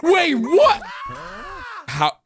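Excitable man shouting over cartoons. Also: very high-pitched, drawn-out words, slight background noise. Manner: excitable, big jumps into shouts and gasps. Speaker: gaming YouTuber. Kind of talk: reaction commentary on cartoon animations. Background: background music.

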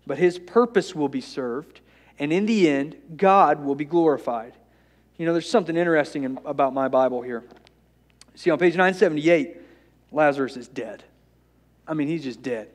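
A man with a high, light voice preaches a sermon as the church's pastor. He tells the story with humor, dropping to a hush and then building to loud, rousing calls. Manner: storytelling, swings from soft and hushed to loud and rousing; playful asides with humor.

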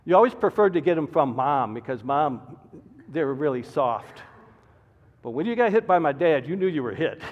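Older man preaching with lively pitch. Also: normal speed, pauses often. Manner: preaching with sudden loud emphatic bursts and soft asides. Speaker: pastor. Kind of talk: sermon. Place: church sanctuary. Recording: dull reverberant church recording.

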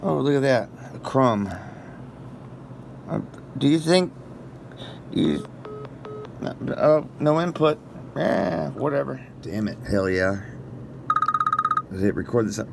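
A man baits phone scammers with crude, cheerfully absurd rambling. His pitch sits right in the middle of the range, and a faint hiss of noise runs under his voice. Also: lively intonation, slow, vocal fry, long pauses, darkish tone. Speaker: prank caller baiting scammers. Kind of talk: casual phone prank banter.

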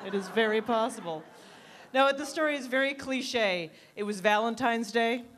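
A woman in her thirties doing a stand-up comedy routine in a club, telling dry, self-deprecating stories and jumping up in pitch for quoted people. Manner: quick animated voices for quoted people.

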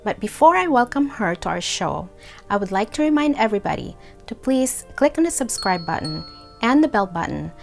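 A woman's voice: medium pitch, sing-song, fairly quick, creaky, darkish tone, faint music behind. A woman hosting an interview show, introducing her guest and asking questions in a formal, welcoming tone. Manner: formal, welcoming announcer delivery. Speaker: show host.

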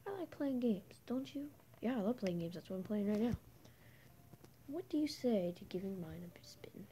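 A woman's voice: medium pitch, animated, normal speed, warm tone, lightly acted, rough recording. A woman voicing a grizzled homeless drifter man with an Australian accent, drawling and mocking in a half-whispered voice over a faint hiss. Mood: menacing. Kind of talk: voicing game dialogue aloud.

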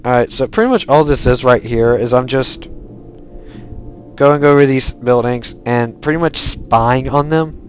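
A man's voice: medium pitch, measured pace, soft background music, rough recording. A man giving casual, rambling let's-play commentary while he plays, often restarting his sentences. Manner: rambling, self-correcting, chatty. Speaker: gaming video host.

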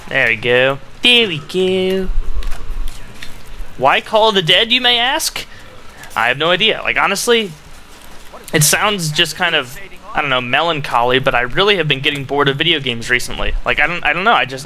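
Bright-voiced young man rambling over gameplay. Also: on the high side, slight background noise. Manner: rambling, filler-heavy storytelling. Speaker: gaming commentator. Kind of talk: casual gameplay commentary.

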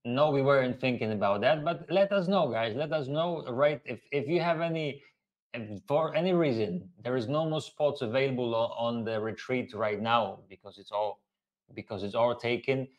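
A man's voice: mid-range voice, normal speed, dull audio. A man hosting a casual live Q&A, talking earnestly and repeating key phrases for emphasis. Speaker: host.

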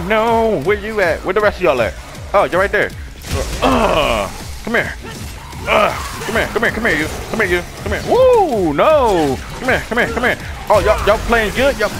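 A man's voice: sits high, vocal fry. A man streaming a game he is playing for the first time, giving profane, hyped commentary and repeating his words. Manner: trash-talking, hyped, repeats phrases. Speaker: gaming streamer. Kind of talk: profane let's-play commentary. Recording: game music underneath.

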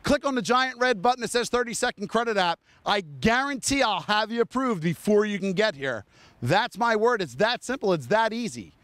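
A man hosting a TV car commercial, rattling off vehicle features in an enthusiastic hard-sell pitch and talking straight to viewers and the cameraman, outdoors on a dealership lot. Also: expressive, a bit bright, dry recording. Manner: rapid-fire enthusiastic sales pitch, listing features; addresses viewers and cameraman directly. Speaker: car dealership salesman and show host.

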